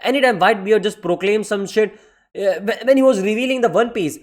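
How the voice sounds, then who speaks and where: A man giving a casual vlog review of manga, excitable and profane, tossing "man" into nearly every sentence and slipping into mocking voices. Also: high voice, brisk.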